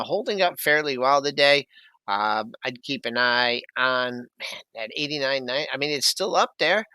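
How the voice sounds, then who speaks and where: A man's voice: mid-range voice, pushed and bright, dry recording. A man co-hosting a live market talk show, rambling casually through price levels with asides.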